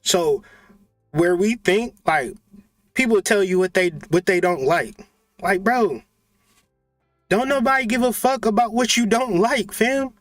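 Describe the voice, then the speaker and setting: Profane, high-voiced male spiritual ranter. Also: measured pace, long pauses, no room sound, studio quality, soft background music. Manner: profane, animated, mocking. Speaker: host of a spiritual channel. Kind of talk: comedic spiritual rant.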